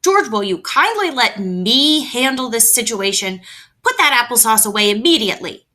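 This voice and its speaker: A strict storybook father lays down firm orders in a measured, no-nonsense way, as a woman reading aloud voices him. The voice stays close to her own bright tone, just more clipped and insistent. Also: a little high, big pitch swings. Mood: stern. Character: stern, firm father, middle-aged man.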